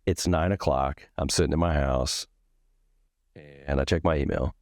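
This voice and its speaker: Podcast host, male, rumbling bass voice, dry close mic, casual storyteller who acts out the dialogue. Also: moderate pace, a little mellow, dry recording. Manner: candid and profane, acts out both sides of a story.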